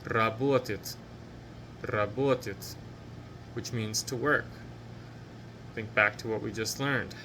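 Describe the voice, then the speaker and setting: A man teaching a language lesson, speaking slowly and patiently and repeating each phrase. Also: fairly low pitch, fairly even intonation, bright, forceful tone, a little hiss or hum. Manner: patient, slow drilled repetitions of each phrase; encouraging.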